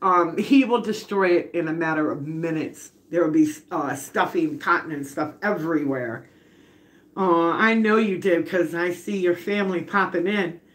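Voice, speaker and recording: A woman's voice: fairly low pitch, moderate pace. A middle-aged woman, chatting casually on a home livestream while baking and reading viewer comments aloud. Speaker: livestream host.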